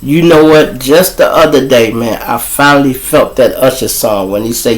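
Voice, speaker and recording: A man's voice: medium pitch, moderate pace, hardly any pauses, rough recording. Chicago guy hosting a live stream, speaks bluntly, swears a lot, talks right to his viewers. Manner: blunt, profane storytelling addressing viewers. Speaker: livestream show host. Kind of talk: casual live monologue.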